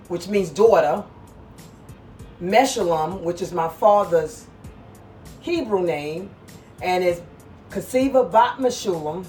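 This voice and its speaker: Lady w a brooklyn-southern mashup accent, lively, chatting in her kitchen, sounds a bit far from the mic, faint music under. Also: fairly low pitch. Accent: mixed Brooklyn and Southern. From New York. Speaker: fashion collector showing her pieces. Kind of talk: casual chat on camera. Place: home kitchen.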